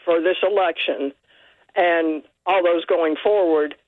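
Higher-voiced male caller on a tinny phone line. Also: slow pace, no echo. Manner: earnest, long run-on sentences. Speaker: radio show caller. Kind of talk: call-in comment.

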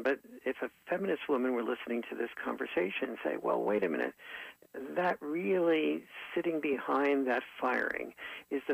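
A man who wrote a book, answering interview questions in a thoughtful way, often pausing with fillers and restarting his sentences. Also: mid-range voice, creaky, husky, dry recording, rough recording. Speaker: author and interview guest.

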